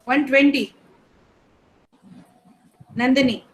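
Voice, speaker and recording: A woman teacher, calling the roll in an online class in a brisk, matter-of-fact way. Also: high voice, fairly even intonation, low-quality recording. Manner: reads names one by one in a brisk, matter-of-fact way.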